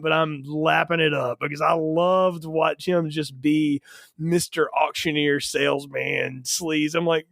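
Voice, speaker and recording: A man co-hosting a film review podcast, chatting casually with frequent laughs and quick stories. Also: on the high side, dry recording, clean studio sound. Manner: animated, laughs often, tells anecdotes. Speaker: podcast co-host.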